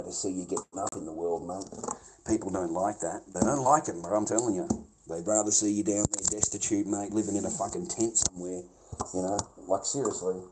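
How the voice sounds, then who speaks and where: A man's voice: lowish voice, mellow, a little hiss or hum, poor audio. A man ranting on a livestream, blunt, sweary and aggrieved, repeating his points. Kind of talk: casual livestream rant.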